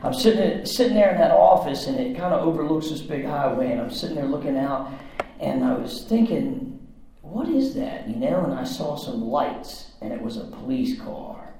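Man, fairly high voice, gritty profane storyteller, very roomy echo. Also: lively intonation, normal speed, warm tone, slight background noise. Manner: rough-edged, profane, talks in run-on bursts. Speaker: storyteller recounting his past. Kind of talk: candid personal story. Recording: very echoey room.

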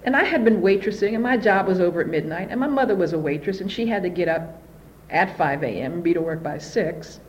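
A woman telling her own story at a recovery meeting, candid and animated. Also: fairly low pitch, a little fast, highs cut off, slight background noise. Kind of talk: personal recovery testimony.

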